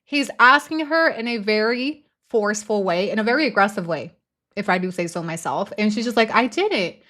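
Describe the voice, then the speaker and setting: A woman's voice: medium pitch, brisk, bright, forceful tone. A woman hosting a live show, giving blunt, emphatic commentary on a recorded phone call, with casual swearing. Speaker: host.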